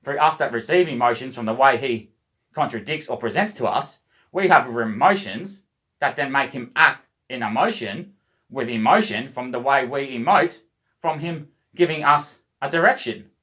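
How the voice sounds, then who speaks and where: A man's voice: medium pitch, expressive, normal speed, pushed and bright. Rambling, swearing Australian man. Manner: swears constantly, rambling wordplay, addresses "boys". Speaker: vlogger. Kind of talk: rambling monologue to camera.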